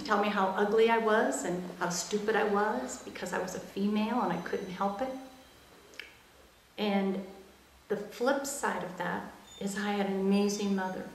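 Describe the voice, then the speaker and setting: A woman's voice: mid-range voice, slight background noise. Earnest woman telling her story, echoey room. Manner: earnest, reflective, softens into quiet quoted speech. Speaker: interview guest, emotional intelligence expert. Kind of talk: personal storytelling in an interview.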